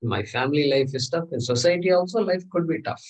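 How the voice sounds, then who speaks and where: A man with a fairly high voice speaks briskly, recorded at low quality on a distant mic. He's teaching a scripture class, lecturing through verses with rhetorical questions and chanted Sanskrit.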